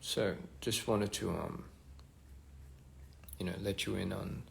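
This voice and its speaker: Slow and low-pitched with vocal fry and fairly even intonation, a man chats casually on a phone livestream. He rambles through fan comments, trails off between thoughts, and makes soft-spoken asides.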